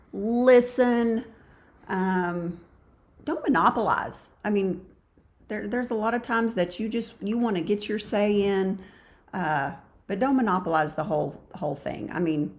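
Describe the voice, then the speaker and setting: A woman co-hosting a marriage advice show, agreeable and steady, summing up each point. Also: medium pitch. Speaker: co-host of a marriage talk show. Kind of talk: casual advice talk.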